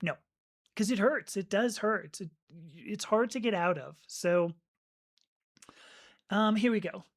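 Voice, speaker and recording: A woman's voice: medium pitch, slow pace, long pauses. A woman hosting a live stream, chatting casually and reflectively as she reads and answers viewer comments, with restarts and small laughs. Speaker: livestream host reading viewer comments.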